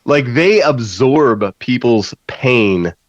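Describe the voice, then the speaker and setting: A man's voice: medium pitch, lively intonation, very slow, dry recording, highs cut off. A man co-hosting a casual movie podcast, speaking bluntly with a wry edge. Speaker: podcast co-host.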